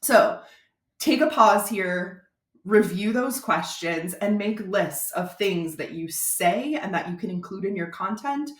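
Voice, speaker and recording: A woman's voice: mid-range voice, expressive, unhurried. A woman from Florida, a brand strategist giving a casual, chatty video tutorial to speakers. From Florida, USA. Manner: chatty, conversational, informal. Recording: roomy echo.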